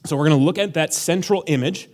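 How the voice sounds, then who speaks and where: A man's voice: a little high, fast talker, a little mellow. A man giving a casual sermon as pastor, joking and sarcastic, talking conversationally with many fillers. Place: church hall.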